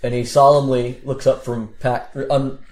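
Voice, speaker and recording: A man's voice: medium pitch, little pitch movement, normal speed, darkish tone. A man narrating a tabletop game as game master, in loose, rambling description full of restarts. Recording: echoey room with faint noise.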